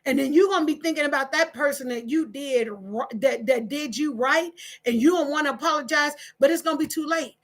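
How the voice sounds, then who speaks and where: This relationship talk channel host, a woman, runs a live-streamed advice session where she reads viewer comments aloud. She preaches with emphasis and plenty of repetition, her high-pitched, fairly bright voice moving a little fast.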